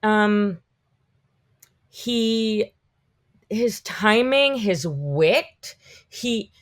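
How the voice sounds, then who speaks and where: A woman in her fifties chatting as a podcast guest, with a mid-range voice. She tells animated, meandering stories and leans on "like" between thoughts. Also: medium pitch, very slow. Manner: animated, rambling storytelling full of "like". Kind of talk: casual interview chat.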